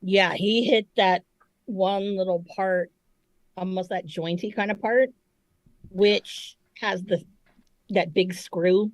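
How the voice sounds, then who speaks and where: A woman's voice: mid-range voice, takes it slowly, long pauses, no echo. A woman co-hosting a podcast, telling stories in casual chat with lots of profanity. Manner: animated, profane storytelling. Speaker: podcast co-host.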